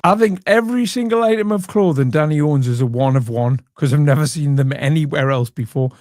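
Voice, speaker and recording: A man's voice: a little high, brisk, a little mellow, dry recording. A man hosting a show and commenting over a video in a dry, sarcastic way. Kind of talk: reaction commentary.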